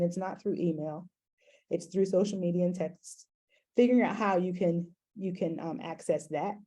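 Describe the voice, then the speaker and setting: Mellow-voiced woman giving an educator's talk. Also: fairly low pitch. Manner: conversational, many fillers and restarts. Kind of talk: conference talk presentation.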